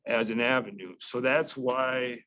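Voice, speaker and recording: A man's voice: mid-range voice, fairly even intonation, unhurried, bright, forceful tone, slight background noise, rough recording. A man on county staff explaining an address change to a committee in a methodical way, with frequent fillers and restarts. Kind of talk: public meeting explanation.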